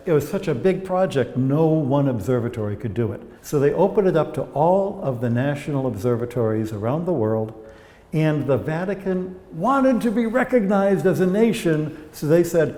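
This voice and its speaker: Inside old observatory domes, a male guide shows off historic telescopes, explaining them through chatty anecdotes. His voice is a little high, animated, and dark in tone, at a moderate pace, with a long reverb tail.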